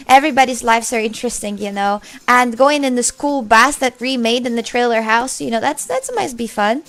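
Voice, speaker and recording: A young woman from Russia with a high, bright voice talks to her stream chat in English. She is loud and casual, swearing freely as she reads messages aloud. Faint music plays behind her. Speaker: livestreamer.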